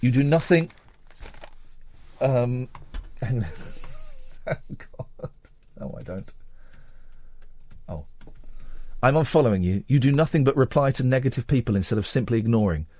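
A man's voice: mid-range voice, lively intonation, unhurried, pauses often, warm tone. A middle-aged man hosting a late-night radio phone-in, rambling and self-mocking as he chats with callers.

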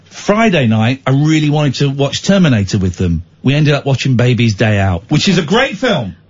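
A man hosting a late-night radio phone-in, chatting and telling stories in a playful, animated way. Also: medium pitch, moderate pace, breathy edge, muffled recording. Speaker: radio show host.

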